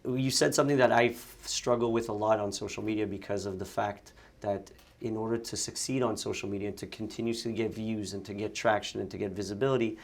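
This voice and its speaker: A man's voice: on the low side, steady tone, fast talker, vocal fry, hardly any pauses. A young man from Montreal, an actor and sketch comedian, chatting in an interview, laughing often and restarting his sentences. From Montreal, Canada. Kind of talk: casual interview chat.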